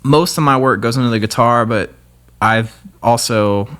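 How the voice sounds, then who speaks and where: A man's voice: medium pitch, normal speed, fairly bright tone. A young man, a guest guitarist, talking in a laid-back, rambling way with many fillers. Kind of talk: casual chat.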